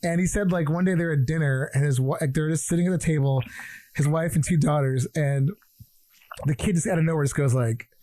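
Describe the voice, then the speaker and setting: A man's voice: on the high side, fairly quick, mellow, dry recording. A man co-hosting a casual podcast, telling rambling stories and laughing often. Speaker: podcast co-host. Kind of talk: casual chat.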